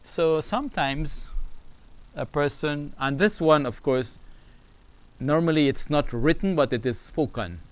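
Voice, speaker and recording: A man teaching a beginners' Arabic lesson, speaking slowly and repeating phrases for the learner to copy. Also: on the high side, poor audio. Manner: slow, repetitive, drills phrases aloud. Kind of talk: online language lesson.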